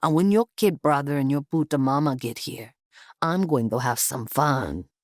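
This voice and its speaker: Woman doing a gravelly Puerto Rican gang boss. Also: a bass voice, animated, dry recording, studio quality. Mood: menacing. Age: 40s. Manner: slow, growling menace. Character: gravelly menacing middle-aged male gang boss.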